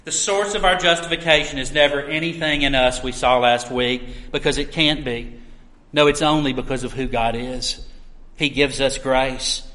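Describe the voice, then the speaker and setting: A pastor preaching a sermon, with earnest, emphatic delivery and drawn-out stresses, in a church sanctuary. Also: male voice, medium pitch, steady tone, bright, forceful tone. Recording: echoey room.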